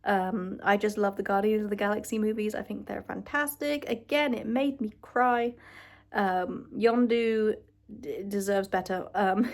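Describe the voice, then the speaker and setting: A woman's voice: mid-range voice, fairly even intonation, a little slow. Gushing young woman vlogger. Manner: gushing, emotional, swears freely. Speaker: vlogger ranking films. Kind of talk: casual chat to camera.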